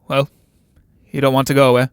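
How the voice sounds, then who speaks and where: A man reading a play aloud, playing an older, domineering military captain who speaks in a measured, condescending, commanding way. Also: mid-range voice, monotone, smooth, dry recording, studio quality, lightly acted.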